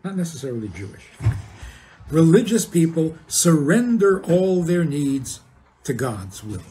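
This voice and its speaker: A man's voice: a little high, big pitch swings, a little slow, dark tone. An older man, a rabbi, giving an informal talk to an audience, often asking questions and chuckling at his own points. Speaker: rabbi teaching.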